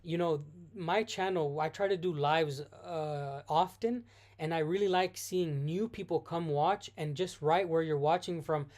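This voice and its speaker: A U.S. speaker with a medium-pitched, slightly mellow voice hosts a loose, casual live-stream Q&A, reading chat questions aloud and answering on the spot. The answers are riddled with restarts and quick self-corrections.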